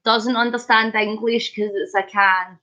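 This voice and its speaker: Woman streamer, high voice, unhurried, playful banter, slightly dull lo-fi stream audio. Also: fairly even intonation, sharp tone. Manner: chatty, jokey, punning, laughs often. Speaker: livestream host. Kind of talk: casual live chat reading comments.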